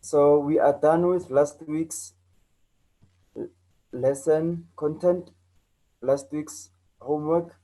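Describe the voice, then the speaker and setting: Dark-voiced South African man teaching. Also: on the high side, steady tone, takes it slowly, pauses often, poor audio. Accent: South African English. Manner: repeats key points, checks in with "okay?" and "right?". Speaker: English teacher. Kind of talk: online lesson.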